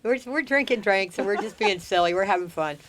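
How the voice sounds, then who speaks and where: A woman's voice: medium pitch, fairly quick, crowd noise. A woman hosting a podcast, telling stories in a casual chat, swearing freely and acting out quotes. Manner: animated storyteller, swears freely, acts out quotes. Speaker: podcast host.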